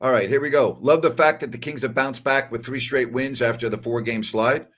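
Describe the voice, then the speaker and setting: A man's voice: medium pitch, steady tone, fairly quick, fairly bright tone. A man with a New York accent hosting a casual postgame show, who reads viewer comments and makes his point emphatically with repeated tag questions. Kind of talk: casual livestream chat, reading viewer comments.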